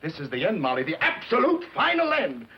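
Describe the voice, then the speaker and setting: An actor playing an indignant middle-aged husband in a 1950s TV sitcom, emphatic and scolding in an exasperated way. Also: male voice, high voice, wildly swooping pitch, fairly quick, soft background music. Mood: furious. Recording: dull lo-fi 1950s TV sound.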